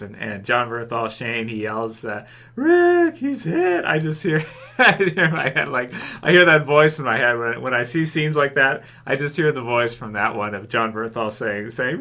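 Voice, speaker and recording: A man's voice: mid-range voice, sharp tone. A man giving a casual video review of a TV episode, rambling with lots of fillers and restarts and chuckling as he goes. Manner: chuckles often while talking. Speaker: TV show reviewer.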